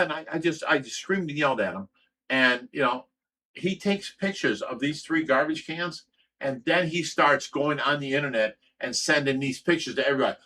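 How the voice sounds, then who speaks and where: A man hosting a livestream chat with a slightly high voice. He talks in a heated, profane, storytelling way, loose and unscripted. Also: moderate pace, sharp tone. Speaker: host.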